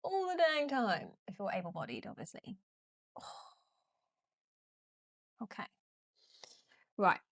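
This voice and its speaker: A woman's voice: mid-range voice, no room sound, studio quality. A young woman teaching a casual guided yoga class, chatty and giggly, often apologizing through yawns.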